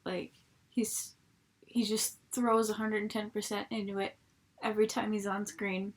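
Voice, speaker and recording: A woman's voice: mid-range voice, level tone, a little slow. A young woman reviewing a TV episode from home at her laptop, chatty and rambling, swearing freely. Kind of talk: casual spoken review.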